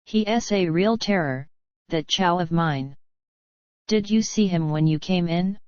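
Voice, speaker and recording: A woman voicing a gruff old bush cattleman. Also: lowish voice, measured pace, a little mellow, no room sound, lo-fi sound, natural voice. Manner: brusque and bossy. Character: gruff older male bush cattleman, broke and blustering.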